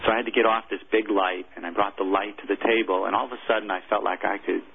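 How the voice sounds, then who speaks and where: A former military chaplain, a man, telling a personal story in an interview, earnest and halting. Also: fairly low pitch, steady tone, vocal fry, breathy edge. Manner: earnest, halting, emotional recounting. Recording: tinny phone-like audio.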